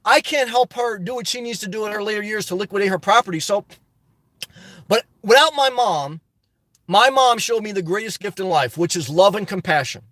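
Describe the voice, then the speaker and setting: A middle-aged man with a high voice answers his viewers' comments on a live stream. He talks casually but slips into passionate rants. The sound is dry and close, with no room echo. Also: a little fast, fairly bright tone. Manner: passionate, ranting; reads viewer comments aloud and answers them. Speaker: livestream host. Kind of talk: casual live-chat reply.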